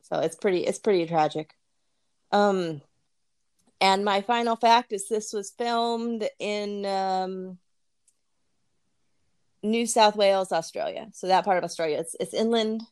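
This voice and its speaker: A woman's voice: medium pitch, unhurried, pauses often, a little mellow, smooth. A woman co-hosting a podcast in casual chat, laughing often and repeating words as she talks. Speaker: podcast co-host.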